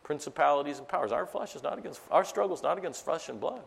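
A middle-aged man preaching a sermon to a live audience. He swings between loud, emphatic preaching and quiet, chatty storytelling asides. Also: fairly high pitch, expressive, quick pace, creaky, breathy edge, in a large hall. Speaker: pastor.

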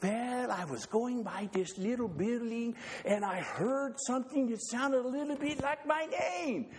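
Guy doing a hyped-up goofy old husband, broken english, squeaky high, big echoey church hall. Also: a little slow. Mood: excited. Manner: broken English, excited, shouting. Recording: long reverb of a church hall.

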